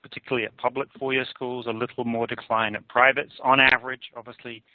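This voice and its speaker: A man giving a measured, analytical conference presentation on survey findings. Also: medium pitch, flat delivery, no room sound. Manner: measured, analytical, hedges with "I would argue". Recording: tinny phone-like dry audio.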